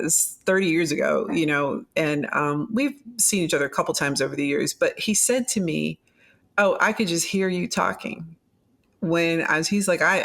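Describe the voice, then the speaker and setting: A middle-aged woman author talking as a guest in a casual interview, animated, laughing and acting out her own quoted lines. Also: on the low side. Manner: animated, laughing, quoting herself.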